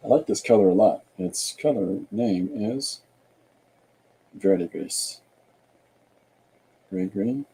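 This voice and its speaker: A man's voice: on the low side, slow pace, gravelly, long pauses, warm tone, slight background noise. A man hosting a podcast, chatting casually and jokingly while he draws, rambling and musing aloud. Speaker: podcast host and artist. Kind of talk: casual chat while drawing.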